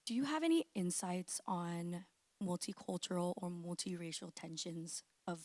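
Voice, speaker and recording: A woman from the audience asking a question in a hesitant, soft-spoken way. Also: on the low side, moderate pace, no echo.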